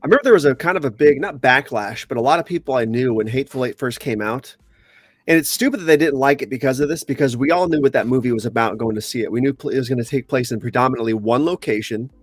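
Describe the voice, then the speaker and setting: A man in casual podcast chat who talks very fast and presses his points emphatically. His mid-pitched voice is recorded dry and close, with faint music underneath. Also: no room sound.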